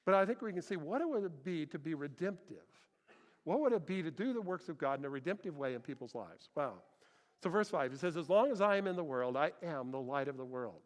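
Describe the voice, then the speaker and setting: A man preaching a sermon as pastor, telling stories in an animated way and acting out the people he quotes. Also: a little high, brisk. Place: church hall. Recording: long hall reverb.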